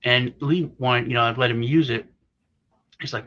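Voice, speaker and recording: A man's voice: medium pitch, steady tone, normal speed, gravelly, bright, forceful tone. A man co-hosting a casual chat, rambling through a story and acting out the other people's lines. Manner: rambling storyteller, acts out quoted voices. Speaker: co-host. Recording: slightly dull lo-fi audio.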